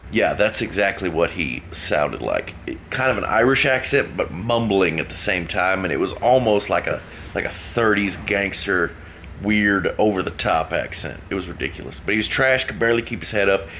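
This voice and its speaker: A man's voice: low voice, animated, normal speed, fairly bright tone, slight background noise. Laid-back man telling a story. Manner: rambling, joking, laughs at himself. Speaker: vlogger. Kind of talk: casual storytelling.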